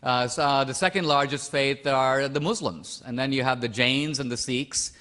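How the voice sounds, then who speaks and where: A man's voice: mid-range voice, moderate pace, pushed and bright. A man from India arguing a point in a formal stage debate, insistent and full of pointed questions. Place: debate stage before a live audience.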